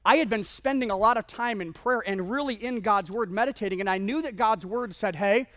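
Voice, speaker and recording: A man preaching a sermon as an animated, self-mocking storyteller who acts out the dialogue in his stories. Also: high voice, brisk. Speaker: pastor.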